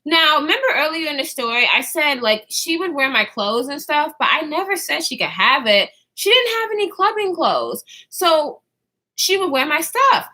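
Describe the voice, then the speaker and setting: A woman's voice: high-pitched, big pitch swings, normal speed, bright, forceful tone. A woman in her twenties telling a story to her viewers in a casual, slangy way, swearing freely and often trailing off to restart.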